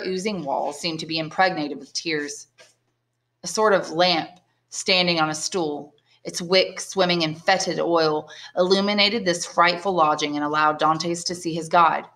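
A woman, an English teacher, reading a classic novel aloud in clear, measured narration. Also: on the low side, a bit bright. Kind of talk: audiobook reading.

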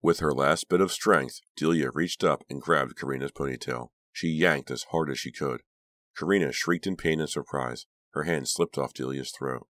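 A man narrating an audiobook in a steady, dramatic reading voice. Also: rumbling low, normal speed, no room sound. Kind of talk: scripted narration.

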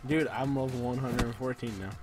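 A young man co-hosting a casual let's-play, excitable and laughing with loud bursts. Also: medium pitch, fairly quick. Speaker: gaming channel co-host. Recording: game music behind.

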